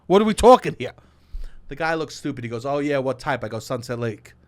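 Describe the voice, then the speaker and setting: A young man with a New York accent, co-hosting a podcast in loud, joking banter and reading ads. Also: medium pitch, expressive, brisk. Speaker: podcast co-host. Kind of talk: casual podcast banter and ad read.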